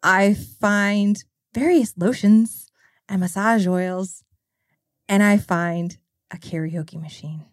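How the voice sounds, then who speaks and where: Woman, podcast guest, slow deliberate storytelling, dry recording. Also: mid-range voice, no room sound.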